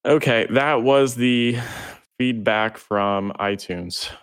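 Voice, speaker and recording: A man's voice: medium pitch, takes it slowly, clean tone. A man hosting a casual gaming podcast, easygoing and laughing between remarks. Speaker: podcast host.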